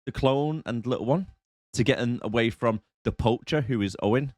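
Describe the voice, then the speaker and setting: A man's voice: mid-range voice, moderate pace, a little mellow, dry recording. A young man co-hosting a casual movie review podcast, recapping the plot and laughing often. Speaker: podcast co-host.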